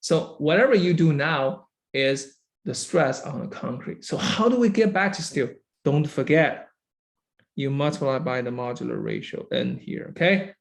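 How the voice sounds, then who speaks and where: A man's voice: a little high, expressive, moderate pace, creaky. A man lecturing a university engineering class, who keeps checking understanding with "right?" and "okay?" and praises students by name.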